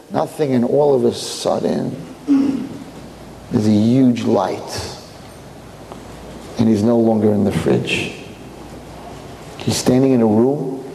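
A man telling a story live to an audience in a room, animated and repeating phrases for emphasis. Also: medium pitch, vocal fry, roomy sound, in a large hall, a little hiss or hum, poor audio.

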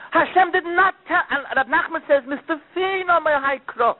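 A man giving a sermon with dramatic storytelling, his delivery swinging between loud outbursts and hushed asides. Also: very high-pitched, expressive, moderate pace, few pauses. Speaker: preacher. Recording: tinny phone-like recording.

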